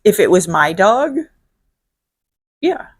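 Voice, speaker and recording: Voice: mid-range voice, big pitch swings, slow, no echo, studio quality. Blunt, profane host from Illinois. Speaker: show host. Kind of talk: casual solo question-and-answer vlog.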